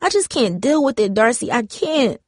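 A woman's voice: fairly high pitch, expressive, moderate pace, darkish tone, no room sound, clean studio sound, pitched above the performer's own voice, lightly acted. A woman doing a sobbing, frightened teenage girl. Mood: distraught. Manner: pleading, voice breaking into sobs.

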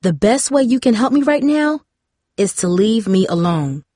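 A woman's voice: mid-range voice, expressive, measured pace, dry recording. A woman voicing a stern, exhausted pregnant mother who talks curtly and snaps, read in a dry, close audiobook recording. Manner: curt, snapping, firm. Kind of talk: audiobook character reading.

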